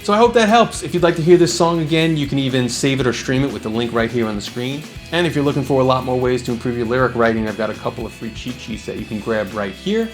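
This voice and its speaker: A man teaching songwriting in a relaxed, explanatory way, with frequent fillers and restarts. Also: mid-range voice, quick pace, hardly any pauses, soft background music. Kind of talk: casual instructional talk.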